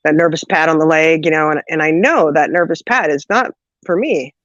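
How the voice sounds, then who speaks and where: Laughing, animated woman telling a story. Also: deep voice, brisk, dry recording, lo-fi sound. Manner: animated, laughs often, acts out quoted voices. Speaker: podcast co-host telling a story. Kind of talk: casual storytelling chat.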